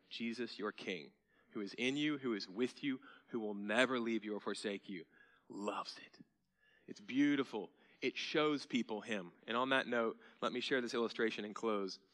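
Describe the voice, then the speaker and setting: A man pastor preaching a sermon in a church, conversational and then emphatic, sometimes dropping to a soft hush. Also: on the low side, normal speed.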